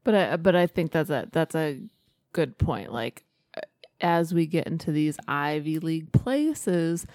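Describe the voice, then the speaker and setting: A woman with a very low voice, making her points emphatically and cursing often. The sound is dry and close, with no room to it. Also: gravelly, darkish tone, no echo. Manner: emphatic and profane. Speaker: podcast co-host. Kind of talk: casual chat.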